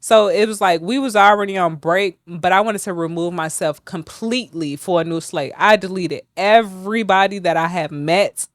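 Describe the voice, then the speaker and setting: A woman's voice: on the low side, normal speed, hardly any pauses, no room sound. A woman, a podcast guest talking bluntly and profanely in a candid studio interview, getting heated as she goes.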